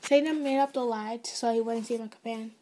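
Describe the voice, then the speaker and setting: A woman's voice: on the high side, steady tone, fairly quick, dark tone, a little hiss or hum. A woman narrating an ASMR fan story in a casual way, with restarts and side notes.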